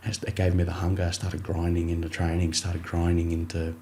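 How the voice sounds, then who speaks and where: A young Australian man with a low, warm voice tells his story in a relaxed interview. He rambles through fillers and restarts and slips into his coach's voice when quoting him. The delivery stays easy-going and conversational. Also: fairly quick, a little hiss or hum. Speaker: rugby league player, podcast guest.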